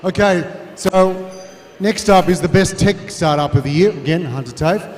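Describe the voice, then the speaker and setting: A man's voice: sits high, normal speed, darkish tone. A man hosting an awards night, chatty and loose with fillers. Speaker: awards ceremony host. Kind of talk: live emcee patter. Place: large reverberant event hall with audience. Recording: echoey hall, crowd behind.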